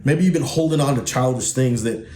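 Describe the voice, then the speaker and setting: A man's voice: mid-range voice, fairly quick, dark tone. A man hosting a podcast, speaking bluntly and emphatically with frequent profanity, coaching men in a preachy way. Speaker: podcast host and men's coach. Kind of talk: podcast monologue. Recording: echoey room, faint noise.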